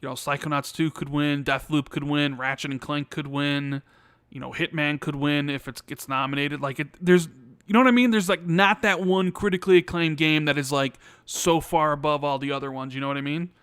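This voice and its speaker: A man co-hosting a casual podcast, with a slightly high, smooth and clear voice. He rambles with plenty of fillers while reading viewer questions aloud. The recording is close and dry. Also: fairly even intonation, brisk, a bit bright, no room sound. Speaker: podcast co-host.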